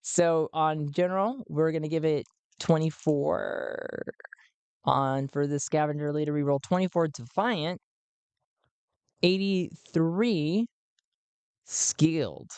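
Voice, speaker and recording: Guy rambling through a solo rpg session, slow talker, dry close sound. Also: a little high, a little mellow, clear, resonant tone, dry recording. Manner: rambling, laughs at his own jokes. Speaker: solo game player and narrator. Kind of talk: solo tabletop game narration.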